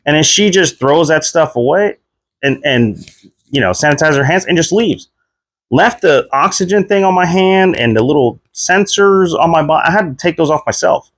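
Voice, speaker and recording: A man in his thirties casually telling a personal story, leaping up in pitch whenever he replays his own reactions. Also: normal speed, no echo. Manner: animated retelling, voice jumps high when quoting himself. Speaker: vlogger.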